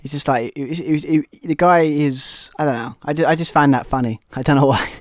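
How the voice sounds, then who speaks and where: A man's voice: medium pitch, fast talker, no room sound. Rambling British man, dry mic. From Britain. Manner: rambling, many restarts and fillers. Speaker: podcast co-host. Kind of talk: casual chat.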